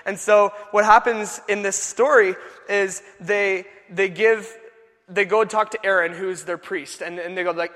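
A young man preaching a sermon, telling the story in a casual, animated way with many filler words. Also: high voice, normal speed. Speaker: youth pastor. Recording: long echo of a large hall.

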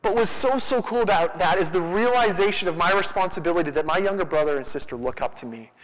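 Young guy youth pastor preaching, chatty and upbeat, high voice, big hall reverb. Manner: energetic, conversational preaching with quick asides. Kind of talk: youth sermon.

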